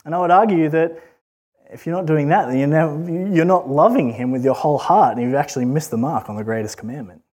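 A man's voice: on the high side, quick pace, darkish tone. A man giving an earnest, conversational sermon full of rhetorical questions. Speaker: preacher.

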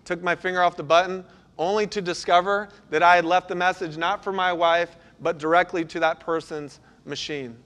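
A middle-aged man, a pastor, preaching a sermon and telling stories, sometimes breaking into loud bursts. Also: high voice, normal speed. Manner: storytelling, animated with sudden loud bursts.

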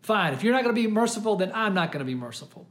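A stern, fed-up king lays down his punishment in a brisk, clipped voice, as a preacher acts him out in a sermon. He is angry and sets his terms flatly. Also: medium pitch, close to an everyday voice. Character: angry king refusing mercy.

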